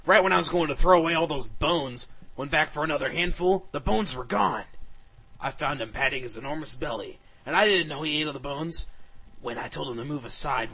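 Forceful, husky man reading mock-dramatically. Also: mid-range voice. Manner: mock-dramatic, bursts into shouting. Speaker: reader. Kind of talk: comic reading of fan fiction.

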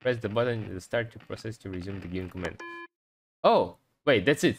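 A man's voice: lowish voice, animated, a little fast, no echo, rough recording. Jumpy swearing man playing a horror game. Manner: jumpy, swearing, reads on-screen text aloud. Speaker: gameplay streamer. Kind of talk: horror game let's play commentary.

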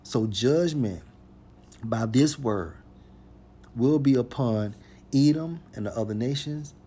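A man's voice: mid-range voice, husky. A man preaching, reading scripture verses aloud and stressing each point with "point blank, period.". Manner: emphatic, repeats "point blank, period", reads verses slowly and forcefully.

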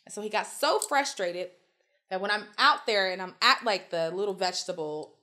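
A woman guest telling stories in casual chat, animated and swearing freely as she acts out quotes. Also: medium pitch, normal speed. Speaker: podcast guest.

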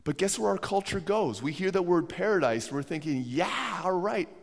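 With a high, animated, brisk and slightly mellow voice, this pastor delivers a sermon in a church sanctuary while suffering from a cold. Earnest, he often repeats words as he restarts, under long hall reverb.

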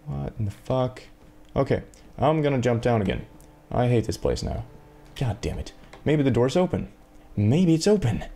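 A man's voice: medium pitch, vocal fry, mellow, slight background noise. A man giving sarcastic, rambling gameplay commentary to himself, swearing often, at a desk microphone. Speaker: let's play gamer.

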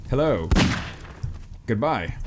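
A man narrates a spooky game as he plays it, his pitch leaping wildly between low mutters and high yelps. He is jumpy and excitable and keeps repeating his exclamations. The recording carries a clear layer of noise. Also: slow pace. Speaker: gameplay commentator. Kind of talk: horror game let's play commentary.

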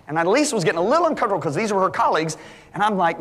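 A middle-aged male preacher giving an animated sermon, full of stories, his voice climbing high for the punchlines. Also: very fast. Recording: long hall reverb.

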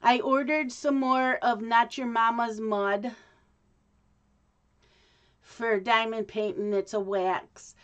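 Woman, casual vlog chat, rambling, lots of ums, slow pace, slightly high voice. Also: level tone, fairly bright tone. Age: adult. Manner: rambling, chatty, with many ums and restarts. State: hiccups. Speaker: craft vlogger.

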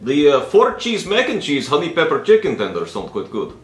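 A man voicing a foreign president with halting, heavily put-on foreign English. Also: fairly high pitch, wildly swooping pitch. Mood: scheming. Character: gruff male foreign president fond of vodka. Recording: roomy echo with faint music.

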